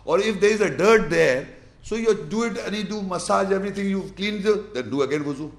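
A man's voice: high voice, brisk, vocal fry. A man giving a religious lesson, explaining and demonstrating step by step with emphatic, repeated instructions. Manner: emphatic, repetitive, demonstrates with gestures. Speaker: Islamic teacher.

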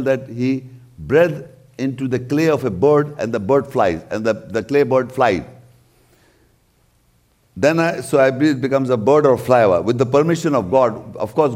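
Expressive and a little mellow, this medium-pitched male voice keeps a measured pace. He's a religious lecturer giving a scripture commentary, moving through verse by verse and driving home key points through repetition.

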